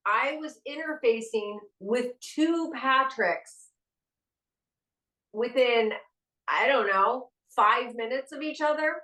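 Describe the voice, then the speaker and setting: A woman hosting a podcast, telling stories in a casual, animated way and acting out the dialogue. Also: on the high side. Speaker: podcast host. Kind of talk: casual storytelling. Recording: roomy sound from a distant mic.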